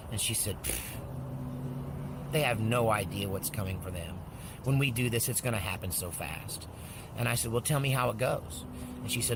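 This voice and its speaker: A man's voice: fairly low pitch, moderate pace, gravelly, noisy background. A man telling a long story in a casual, rambling way, acting out the dialogue he quotes. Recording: speech with music underneath.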